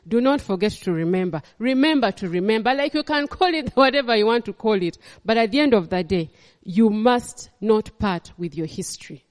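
A woman's voice: a little high, animated, moderate pace. Emphatic Ugandan woman preaching in a hall. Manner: emphatic, repeats phrases, mixes in Luganda. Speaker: pastor. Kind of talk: sermon.

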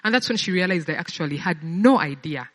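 Low-voiced woman giving testimony in a hall. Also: expressive, fairly quick. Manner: conversational, often repeats words while searching for them. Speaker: speaker sharing a personal testimony. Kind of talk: sermon-style testimony.

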